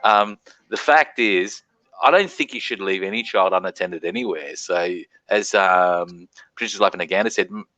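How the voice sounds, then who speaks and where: Bright-voiced Australian man hosting a stream. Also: low-pitched, moderate pace, no room sound, highs cut off. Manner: chatty, swears freely, greets chat viewers. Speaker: live stream host. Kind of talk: casual live-stream chat.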